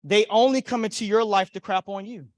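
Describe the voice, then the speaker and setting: A man giving a motivational keynote at a conference, telling a personal story with acted-out voices and big swings between loud and soft. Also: sits high, fairly even intonation, a little fast, no echo. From Florida. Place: conference hall.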